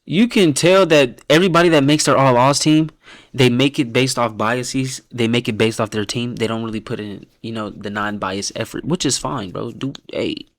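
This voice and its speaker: A man's voice: normal speed, no room sound, clean studio sound. Blunt, profane man reacting live. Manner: blunt, profane, animated, laughs often, reads names in a low mumble. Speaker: host reacting to viewers' fan-picked football teams. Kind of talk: casual reaction stream.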